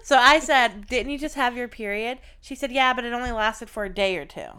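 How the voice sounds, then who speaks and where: Bright, smooth-voiced woman telling a blunt story. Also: fairly high pitch, brisk. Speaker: podcast co-host. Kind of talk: casual chat.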